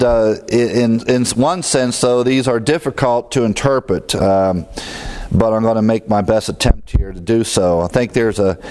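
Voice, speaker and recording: Male Bible teacher, middle-aged, lowish voice, relaxed conversational delivery with small chuckles. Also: smooth.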